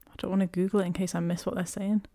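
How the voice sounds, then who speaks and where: A woman co-hosting a podcast, chatting casually and giggling through quick asides while watching a film. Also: on the low side, little pitch movement, vocal fry, dark tone. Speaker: podcast co-host. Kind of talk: casual watch-along chat.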